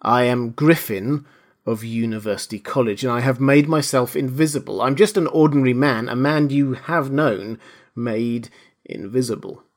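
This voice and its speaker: A desperate, wounded invisible man , read by a male narrator, whose voice pushes with urgency. He pleads and threatens in the same breath, louder and sharper than calm narration. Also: mid-range voice, normal speed, natural voice. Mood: insistent.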